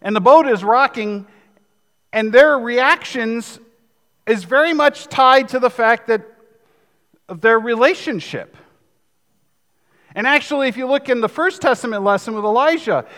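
A man's voice: very high-pitched, animated, measured pace, fairly bright tone, big-room sound. A man in his fifties preaching a sermon as pastor, in a conversational, joking manner. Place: church sanctuary.

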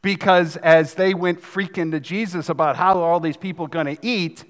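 High-voiced joking male preacher. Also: steady tone, normal speed, big-room sound. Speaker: pastor. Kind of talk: sermon. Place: church sanctuary.

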